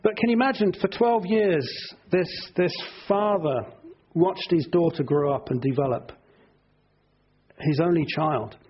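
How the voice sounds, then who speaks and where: A man's voice: fairly high pitch, unhurried, slightly rough, highs cut off. A middle-aged man preaching an earnest sermon to his congregation, often repeating words for emphasis.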